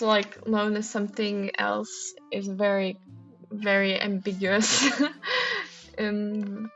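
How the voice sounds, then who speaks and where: A woman with a medium-pitched, slightly bright voice livestreams herself solving a crossword, reading clues aloud and thinking through answers with lots of hesitant ums. The lo-fi recording sounds dull, with faint music in the background.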